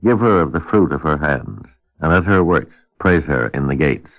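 A man hosting a radio discussion, reading a scripture passage in a measured, old-fashioned cadence on a dull old radio recording. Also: a bass voice, expressive, creaky, dry recording.

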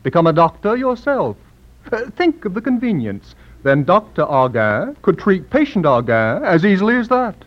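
An actor playing a reasonable, teasing brother with a persuasive, amused manner, in vintage stage-play style. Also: male voice, high voice, sing-song, moderate pace. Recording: muffled lo-fi old recording.

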